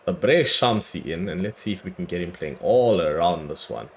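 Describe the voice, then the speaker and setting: A man with a hoarse, worn-out voice giving chatty play-by-play commentary on his own cricket video game, breaking into excited cries at big moments. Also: low voice, normal speed, slight background noise. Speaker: gaming YouTuber. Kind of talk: casual play-by-play gameplay commentary.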